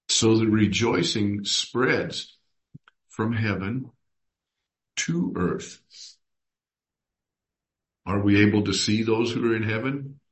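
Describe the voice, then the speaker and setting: A man with a fairly low, sing-song voice leads a Bible study at an unhurried pace, reading verses aloud and putting questions to his group.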